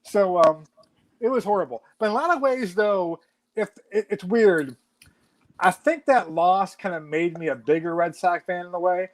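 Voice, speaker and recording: Man, 40s, high-pitched, lively casual storyteller who swears freely. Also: normal speed. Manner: animated storytelling with frequent swearing. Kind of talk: casual chat.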